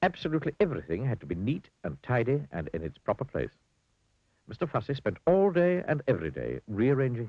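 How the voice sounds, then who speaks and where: Brief: low husky storyteller, very lively reading, dull dry lo-fi sound. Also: male voice, no echo. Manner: dry, wry storybook delivery.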